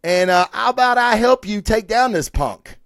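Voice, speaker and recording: A worn-out, unhinged antihero bargains for a way out in loose, swearing talk, as a man acts him out while reading a comic. The voice is close and dry, and his pitch sits fairly high. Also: animated, moderate pace, a bit bright, no echo. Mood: pleading. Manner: casual, profane, pleading. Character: unhinged male antihero striking a deal.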